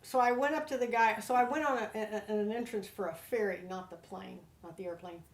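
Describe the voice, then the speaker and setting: A woman's voice: mid-range voice, fairly quick. Older American woman telling stories, roomy. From United States. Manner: heartfelt, animated storyteller. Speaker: interview guest. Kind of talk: personal storytelling. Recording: roomy echo.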